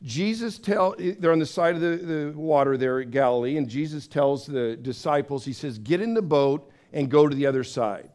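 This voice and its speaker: A man preaching a sermon in a conversational, storytelling way, acting out voices with big swings of pitch. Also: moderate pace, hardly any pauses, darkish tone. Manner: conversational, with fillers and restarts. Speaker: pastor.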